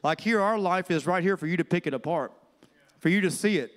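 Male pastor, high clear voice, conversational preaching in a reverberant church hall. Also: fairly quick, fairly bright tone. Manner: conversational preaching, calls to the congregation. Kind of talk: sermon. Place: church sanctuary.

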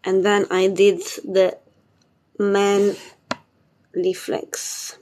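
A woman's voice: medium pitch, completely flat delivery, extremely slow, a little mellow. A woman hosting a casual spiritual live stream, bubbly and chatty, laughing often and swearing casually. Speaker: spiritual livestream host.

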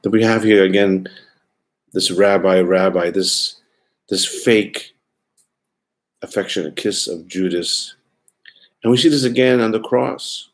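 A man's voice: sits low, unhurried, long pauses. A man preaching a sermon lecture, earnest and pleading, often repeating words for emphasis.

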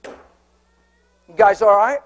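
A man's voice: high-pitched, drawn-out words. A man preaching a sermon to a congregation, telling stories, joking and asking the crowd questions. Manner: lively storytelling with audience banter. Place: church hall before a congregation.

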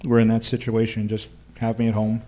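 A man's voice: fairly low pitch, monotone, brisk, a little mellow. A man with a Hawaiian accent who tells ghost-tour stories in a laid-back, dry-humored way during a casual chat recorded live in a bar. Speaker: ghost tour guide and storyteller.

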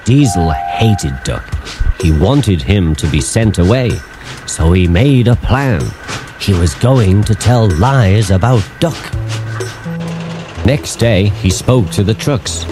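A man narrating a storybook in an expressive, measured way. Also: lowish voice. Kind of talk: storybook reading. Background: music.

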